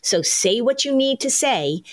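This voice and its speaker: A middle-aged woman hosts a parenting podcast and talks through advice in a relaxed, conversational way. She slips into quick acted lines for parents and children as she explains. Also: fairly high pitch. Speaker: podcast host, parenting anxiety expert. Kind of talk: casual advice podcast chat.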